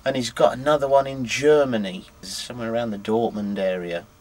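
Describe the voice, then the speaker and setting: A man's voice: mid-range voice, steady tone, brisk, a little mellow. A man from England in his twenties, a truck driver telling stories in a casual interview, full of "you know" fillers. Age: 20s. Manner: chatty, anecdotal, many "you know" fillers. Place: outdoors at a harbour.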